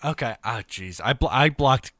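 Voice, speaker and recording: A man with a bright voice hosts a casual podcast, swinging his pitch up and down as he talks. He sounds lively and wry, and the recording is dry and close to the mic. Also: normal speed, no echo. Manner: lively, wry, enthusiastic sports fan. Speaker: podcast host.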